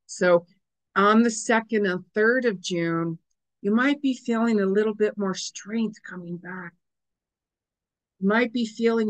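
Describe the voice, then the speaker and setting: A middle-aged woman talks straight to her viewers through a weekly astrology forecast. Her voice sits at a middle pitch. She rambles, piling up fillers and asides as she goes. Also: unhurried. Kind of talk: casual spoken forecast to viewers.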